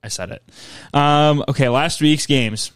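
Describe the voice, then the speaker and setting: A man hosting a casual college football podcast, excitable and quick to laugh. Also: a little high, smooth, no room sound. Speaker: podcast host. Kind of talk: casual sports podcast chat.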